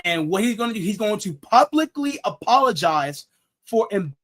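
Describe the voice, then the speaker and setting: Young man, high-pitched, sports show host, joking, repeats himself. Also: sing-song, moderate pace, a bit bright. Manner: joking, laughs at own jokes, repeats words. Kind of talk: casual sports talk show.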